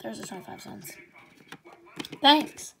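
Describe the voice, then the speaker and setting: Woman for a toy pet skit: plays every pet herself, slow and unhurried, squeaky voices swapped with hushed whispers, noisy home recording. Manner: jumps between squeaky high character voices and hushed whispers. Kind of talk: toy pet role-play, voicing every character.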